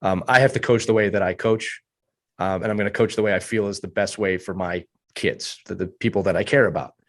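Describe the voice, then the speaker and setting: A man's voice: fairly low pitch, brisk, fairly bright tone. A man hosting a hockey podcast in casual chat, making emphatic points and tagging them with "right?". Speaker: podcast host.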